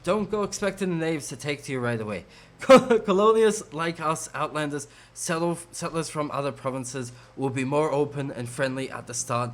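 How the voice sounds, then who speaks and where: A man's voice: a little high, moderate pace, natural voice. Man voicing a worldly battle mage. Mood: advising. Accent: put-on accent. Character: worldly male battle mage, advising newcomers.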